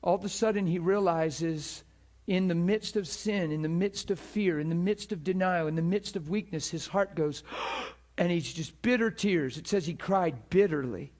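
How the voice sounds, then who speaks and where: A man preaching with fervor in a fairly high voice. He prays aloud and tells a story with rising passion, laughing between his points. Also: moderate pace, a little mellow. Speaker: pastor. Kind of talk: sermon.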